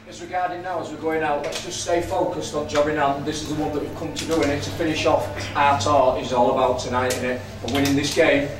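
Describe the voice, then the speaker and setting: A man gives a rugby team a calm, steady pre-match talk at a quick pace. He is recorded from a distance in an echoey locker room. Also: fairly high pitch. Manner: calm, steady instructions to players.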